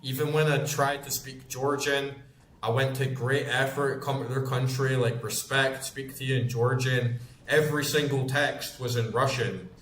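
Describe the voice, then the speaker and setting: A man's voice: medium pitch, steady tone, normal speed, a bit bright, slight background noise. Scottish streamer in his thirties, loose and sweary, mid-range voice in a roomy space. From Scotland. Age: 30s. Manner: rambling, swears freely, chatty storytelling. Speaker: gaming streamer. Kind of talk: casual chat while gaming.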